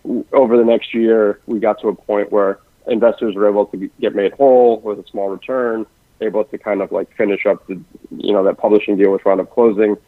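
A man who works in investments at a family office, talking quickly and densely in a podcast conversation, with frequent restarts. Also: on the low side, fairly even intonation, dry recording. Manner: rapid-fire, dense talker with many restarts. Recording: dry, phone-like lo-fi sound.

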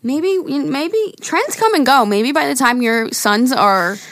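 A woman in her thirties co-hosting a podcast, chatting casually and reading listener emails aloud, upbeat and quick to laugh along. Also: high-pitched, lively intonation, a bit bright, no room sound, studio quality. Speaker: podcast co-host.

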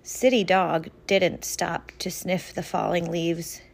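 A woman reading a picture book aloud to a child in a gentle, measured way. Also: fairly low pitch, level tone, creaky. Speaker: reader to a child. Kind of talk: storybook read-aloud.

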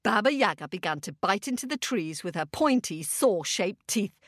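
A woman's voice: mid-range voice, expressive, normal speed, fairly bright tone, no room sound, clean studio sound. A woman telling a children's story aloud, asking the young listeners questions and making sound effects.

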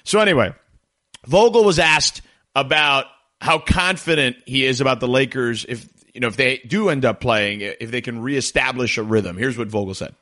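A man hosting a sports talk radio show, rambling energetically and jumping up in pitch when excited. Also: moderate pace.

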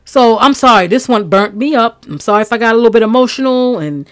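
A woman's voice: a little high, lively intonation, quick pace. A woman from Maryland hosting a true crime podcast, talking in a blunt, outspoken, casual way.

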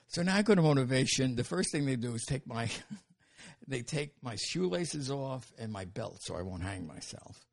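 An older man telling stories as an interview guest, animated and laughing, with casual swearing. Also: medium pitch, normal speed, gravelly. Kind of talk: storytelling in an interview.

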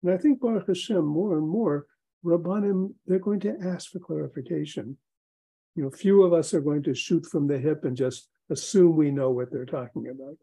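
Brief: male guest expert, husky dark voice, storytelling with lively emphasis. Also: fairly high pitch, normal speed, low-quality recording. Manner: explanatory, storytelling, animated emphasis. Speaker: guest expert, rabbi and psychologist. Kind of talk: podcast interview.

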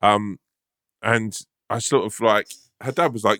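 A man's voice: on the low side, fairly even intonation, measured pace, fairly bright tone, no room sound. A man co-hosting a podcast, telling a sweary, laughing anecdote in casual chat. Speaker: podcast co-host. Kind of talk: casual storytelling.

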